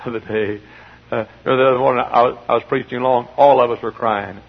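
A middle-aged male pastor preaching a sermon in a large church, swinging from quiet storytelling to loud shouting, with a husky voice. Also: mid-range voice, fairly even intonation, quick pace. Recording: dull lo-fi church recording.

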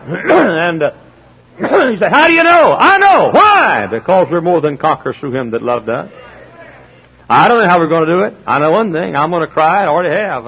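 A man's voice: a little high, creaky, husky. A middle-aged man preaching a sermon, emphatic, repeating phrases and acting out both sides of conversations. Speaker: pastor. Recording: dull lo-fi sermon recording.

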